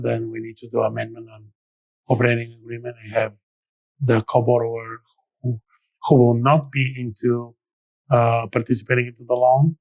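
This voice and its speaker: A middle-aged man talks as a guest expert in a podcast interview, at an ordinary middle pitch. He lays things out step by step and often restarts his sentences. The recording is dry and close, with no room sound. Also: vocal fry, a little mellow, no echo, rough recording. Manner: explains step by step with frequent restarts.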